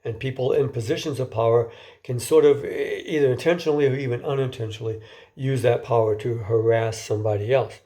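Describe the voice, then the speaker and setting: Speaking at medium pitch and a fairly quick clip, a man with a warm, dark-toned voice gives a casual lecture in a steady tone. He tends to repeat words before moving ahead, occasionally pausing to question the people listening.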